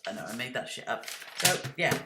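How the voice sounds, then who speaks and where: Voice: medium pitch, sing-song, fairly quick, echoey room, heavy background noise. A video creator talking casually and rambling, correcting themselves and snapping defensively at imagined critics. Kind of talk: casual rambling explanation to camera.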